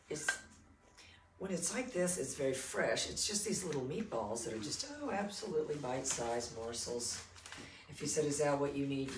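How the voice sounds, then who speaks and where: A man working as a dog trainer, chatting casually through a demonstration and answering questions he imagines listeners asking. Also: medium pitch. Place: room with puppies. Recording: distant mic, roomy, loud background noise.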